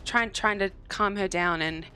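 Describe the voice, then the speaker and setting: A woman narrating a tabletop game as dungeon master, animated and quick to laugh. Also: medium pitch. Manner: giggly, animated.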